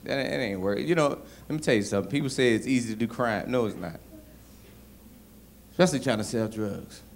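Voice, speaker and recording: A man from Brooklyn doing a stand-up comedy set in a club, telling stories and acting out bits with shouts. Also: medium pitch, fairly quick, gravelly, a little hiss or hum. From Brooklyn, New York. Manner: animated storytelling, shouts and acts out bits.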